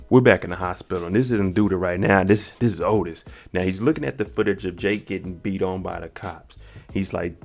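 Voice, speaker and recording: Gravelly-voiced man recapping a show. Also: lowish voice, a little fast, soft background music. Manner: animated, acts out characters' lines in voices. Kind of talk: casual reaction recap.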